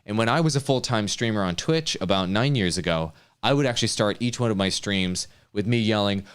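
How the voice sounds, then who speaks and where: A man coaching streamers in a casual chat, energetic and quick to act out hyped examples. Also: fairly low pitch, smooth.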